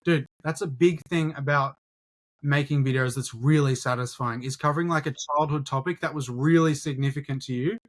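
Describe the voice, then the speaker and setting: A young man chatting on a podcast, his voice sitting a little high for a man. He talks in a relaxed, loose way, swearing freely and throwing in "dude" and "bro" as he goes. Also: brisk. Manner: laid-back, swears a lot, says dude and bro. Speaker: podcast co-host, YouTuber. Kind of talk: casual podcast chat.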